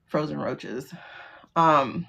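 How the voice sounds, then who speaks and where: A woman's voice: sits low, extremely slow, creaky, bright, forceful tone. A middle-aged woman hosting a tarot livestream, talking casually and bluntly, swearing and laughing often. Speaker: livestream host doing tarot readings.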